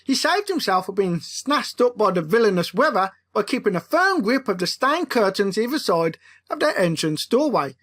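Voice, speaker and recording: A playful, expressive woman narrating. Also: mid-range voice, normal speed. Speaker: author reading her own book. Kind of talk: comic audiobook narration.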